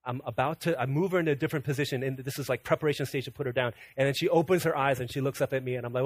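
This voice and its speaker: A man's voice: mid-range voice, fairly even intonation, racing, hardly any pauses, no room sound. A young man preaching a sermon, telling a family story and acting out the voices of the people in it, repeating phrases for emphasis. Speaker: pastor.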